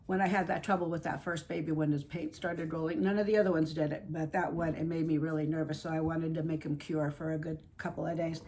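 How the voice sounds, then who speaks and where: A woman's voice: fairly low pitch, a little mellow. A woman chatting casually while painting reborn dolls at her home craft table, rambling and fond. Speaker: reborn doll artist and channel host.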